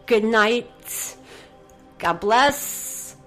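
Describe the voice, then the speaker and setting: A woman hosting a motivational talk show, her voice sitting at an ordinary middle pitch. She talks in an effusive, upbeat way, dropping soft for the breathing guidance and rising eagerly when she cheers listeners on. Faint music plays underneath. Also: expressive, measured pace. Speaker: radio show host.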